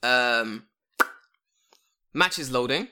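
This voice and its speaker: A young man telling a long story in a casual chat, animated and full of swearing. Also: mid-range voice, extremely slow, clear, resonant tone.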